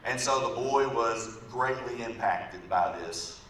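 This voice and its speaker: A man's voice: medium pitch, slow pace, a bit bright. A man preaching a sermon in a church, telling an illustrative story in a conversational way and often checking in with the congregation with "right?". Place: church sanctuary. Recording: echoey room from far off, faint background noise.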